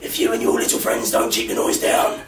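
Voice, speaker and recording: A man's voice: brisk, a loud crowd, close to an everyday voice. Man playing a fierce small mum, menacing, echoey, distant. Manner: menacing, threatening. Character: fierce small middle-aged mother. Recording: echoey room, distant mic, noisy.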